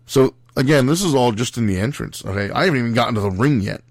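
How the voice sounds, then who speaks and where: A man's voice: mid-range voice, quick pace, hardly any pauses, no echo. A young man hosting a podcast, telling a road story in a casual, rambling monologue. He talks bluntly, swears freely and keeps correcting himself with lots of fillers. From Italian-American background. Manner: blunt and profane.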